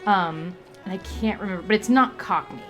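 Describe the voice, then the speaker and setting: A woman's voice: mid-range voice, a little fast, a bit bright, faint music behind. A woman chatting casually on a livestream, rambling along with many fillers and restarts. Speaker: streamer.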